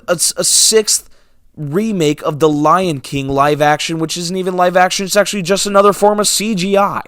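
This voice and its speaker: With a high-pitched, fairly bright voice and no echo, this young man vents to his audience about movies and cinemas. As a vlogger, he's sarcastic and fed up, alternating between muttering and sudden outbursts.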